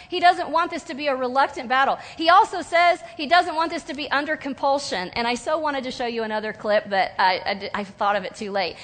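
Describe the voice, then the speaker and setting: A woman preaching a sermon in an animated way, acting out whiny voices and sobs now and then. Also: a little high. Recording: long hall reverb.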